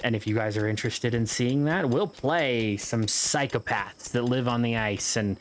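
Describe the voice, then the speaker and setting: Guy rambling thru his game, jokey, swears a lot, normal pitch, little bit of cricket noise behind. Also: moderate pace. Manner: rambling, joking, swears casually. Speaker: gameplay video host. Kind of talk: casual gameplay commentary.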